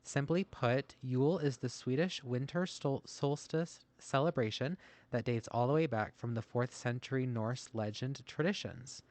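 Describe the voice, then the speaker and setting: A man's voice: medium pitch, normal speed, a little mellow, no echo. Podcast co-host, male, casual and self-mocking, dry close sound. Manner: self-deprecating, laughs often. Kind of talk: casual podcast chat, reading notes aloud. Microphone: masked while recording.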